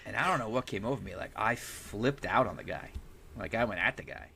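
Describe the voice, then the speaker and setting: A man's voice: fairly low pitch, fairly quick, creaky, a crowd in the background. A man in casual chat telling a blunt, rambling anecdote and swearing freely.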